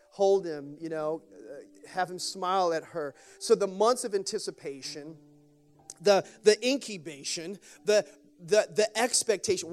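High-voiced pastor telling stories from the pulpit. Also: male voice. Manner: conversational storytelling with repetitions and call-and-response. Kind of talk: sermon. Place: church sanctuary with a congregation.

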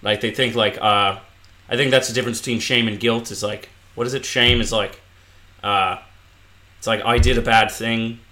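A man's voice: on the low side, steady tone, pushed and bright, echoey room. A young Irish man co-hosting a podcast in casual, joking, rambling chat. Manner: joking, rambling, quick to laugh. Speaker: podcast co-host.

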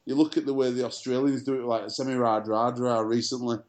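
A man's voice: medium pitch, flat delivery, brisk, a little mellow. A man co-hosting a casual sports chat show, telling stories full of fillers and restarts. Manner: chatty storyteller, many fillers and restarts. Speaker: podcast co-host.

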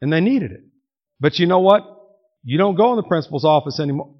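Older male pastor, folksy sermon storyteller, slightly high voice, muffled church tape. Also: animated, fast. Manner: folksy storytelling, teasing the congregation. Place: church sanctuary.

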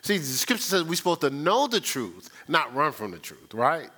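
A man's voice: a little high, very animated, normal speed, sharp tone, husky. A man preaching a conversational sermon, talking with the congregation, asking rhetorical questions and repeating his key lines. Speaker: pastor.

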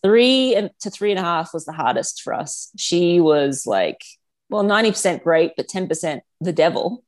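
A woman's voice: lowish voice, animated, normal speed, a little mellow. A woman in her thirties, a guest on a podcast, talking frankly and casually about raising her kids, with lots of filler words. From Australia. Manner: chatty, frank, many "like" fillers. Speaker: guest, professional triathlete and mother.

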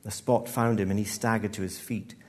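A man reads his own short story to a live audience. His delivery is measured and dry, and his voice sits on the low side. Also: steady tone. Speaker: author. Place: live event venue.

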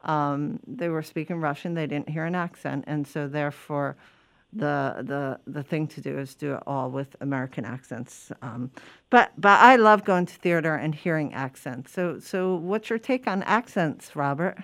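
A woman's voice: deep voice, normal speed. A woman hosting an interview, asking friendly, encouraging questions. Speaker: interview host. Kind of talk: casual interview.

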